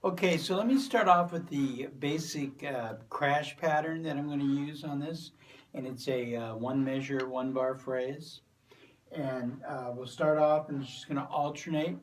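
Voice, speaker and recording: A man giving a drum lesson, explaining crash patterns step by step in a relaxed way with plenty of fillers. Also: a little high, unhurried, a little hiss or hum. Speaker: drum teacher. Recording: voice from a distance from the mic. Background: drum kit and cymbals.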